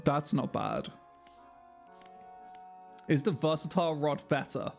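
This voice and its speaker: A man's voice: fairly high pitch, slow, vocal fry, faint music behind. A man streaming a game live, chatting with viewers, sweary and self-mocking. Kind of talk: live gameplay commentary.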